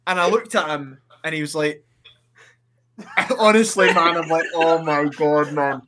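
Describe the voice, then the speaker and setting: A man's voice: on the high side, unhurried, background noise. A man, a wrestler guest, telling stories in a casual podcast chat on a video call, full of restarts. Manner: storytelling, lots of restarts, laughs often.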